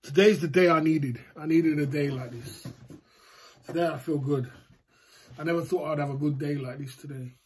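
A man's voice: fairly high pitch, moderate pace, breathy edge. A man chatting loosely on a livestream, boastful and rambling. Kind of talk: casual livestream chat.

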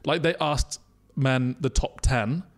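A man's voice: medium pitch, slow pace. A young man co-hosting a podcast, teasing his friend, laughing often and reading out survey figures in casual chat. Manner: teasing, laughs a lot, reads out survey stats. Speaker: podcast co-host.

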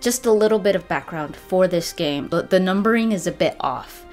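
Woman doing a casual game review vlog, kinda low voice, chatty and excited, soft music under it. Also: moderate pace. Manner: chatty and enthusiastic.

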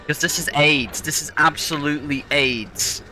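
A young man talks over his own gameplay with a very bright, sharp tone. He rants and swears at the janky controls, exasperated and fed up. Faint game music plays underneath. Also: a little high, moderate pace. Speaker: let's play gamer. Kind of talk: live gameplay commentary.

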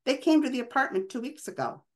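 A woman's voice: high voice, expressive, fast talker, voice pushed up. A woman reading aloud, voicing an angry older father who demands answers and roars at his son. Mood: demanding. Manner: gruff, demanding. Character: angry older immigrant father, shouting and bitter.

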